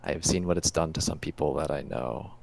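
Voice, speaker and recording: An earnest adventurer, played by a man with a very low, gravelly voice. He speaks haltingly, often restarting his sentences as he explains what he is searching for. The scene is in-character role-play in a tabletop game. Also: darkish tone, full character voice. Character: earnest male adventurer chasing a legend.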